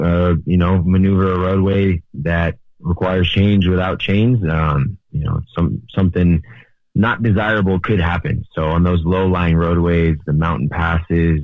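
Deep-voiced officer on a phone line. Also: male voice, steady tone, unhurried, no echo. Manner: hesitant, many fillers. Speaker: highway patrol officer. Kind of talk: radio interview guest.

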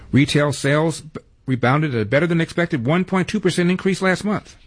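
A man's voice: on the high side, fairly even intonation, brisk, breathy edge. A man hosting a talk radio show, running through headlines with wry, sarcastic asides.

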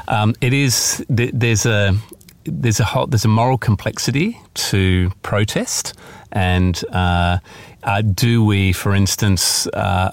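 A man, the author, talking thoughtfully and haltingly in an interview, with many pauses and fillers. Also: lowish voice, no room sound. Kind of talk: interview about his novel.

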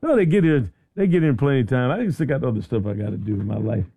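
Animated radio host with a darker voice. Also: male voice, mid-range voice, fast talker, breathy edge, no room sound. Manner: animated, repeats words and restarts. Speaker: radio talk show host. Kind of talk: casual radio chat. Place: radio studio.

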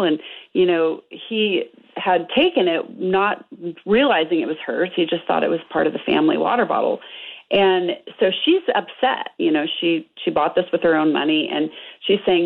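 Gravelly woman on a tinny phone line. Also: fairly low pitch, moderate pace. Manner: earnest, explanatory, many fillers. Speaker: couples therapist, guest. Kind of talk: radio interview by phone.

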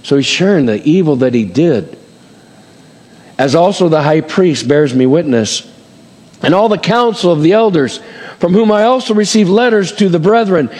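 In a room with a big, echoing sound, a pastor with a high, darkish voice preaches a sermon. He reads scripture aloud and acts out the voices, swinging dramatically and chuckling as he goes.

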